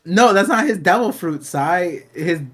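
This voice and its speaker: A young man co-hosting a casual podcast, animated, laughing often and trailing off quietly. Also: high-pitched, measured pace. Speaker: podcast co-host. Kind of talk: casual chat.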